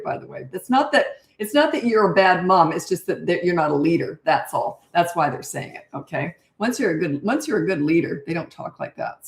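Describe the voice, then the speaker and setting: An older woman runs a live parenting Q&A in a blunt, chatty way and answers viewer questions in plain, no-nonsense terms. Her voice sits a little low. The room around her sounds echoey. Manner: chatty and blunt, laughs at her own stories. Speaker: parenting coach.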